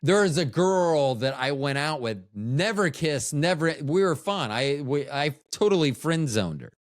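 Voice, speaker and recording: A man's voice: fairly high pitch, expressive, unhurried, no room sound, studio quality. A man hosting a casual solo podcast, rambling and joking at his own expense. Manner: rambling, joking, self-mocking. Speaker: podcast host.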